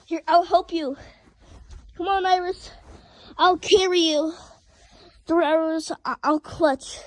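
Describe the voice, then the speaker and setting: A woman's voice: very high-pitched, steady tone, slow pace, low-quality recording. A young woman vlogging with her cat, chatting casually in a playful, rambling way with many restarts.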